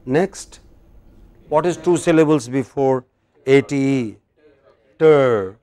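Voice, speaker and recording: A man's voice: mid-range voice, slow pace, warm tone. A man with an Indian English accent teaching English word stress in a classroom lecture, quizzing his students.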